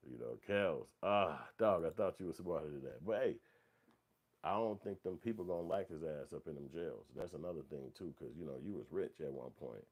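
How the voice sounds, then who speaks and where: A man's voice: rumbling low, animated, fairly quick. A man hosting a morning show, giving rambling, profane, emphatic casual commentary. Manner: rambling, emphatic, profane, repeats "you know what I'm saying".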